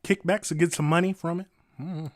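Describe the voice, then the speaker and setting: A man reacting to news in disbelief, his voice a little high. The sound is dry and close, a desktop mic in a home streaming setup. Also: fairly even intonation, brisk, no echo. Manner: incredulous, exclaiming. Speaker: commentary host. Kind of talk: reaction commentary. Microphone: USB desktop mic.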